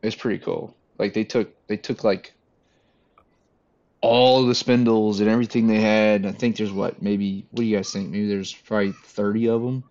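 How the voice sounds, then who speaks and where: A man chatting casually with friends, relaxed and laughing between points. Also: lowish voice, normal speed, muffled recording. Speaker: podcast co-host. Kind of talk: casual chat.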